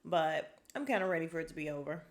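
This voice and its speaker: Sassy woman podcaster, low voice. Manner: sassy, animated retelling with quick quoted asides. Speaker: podcast host recapping a reality show. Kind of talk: casual chat.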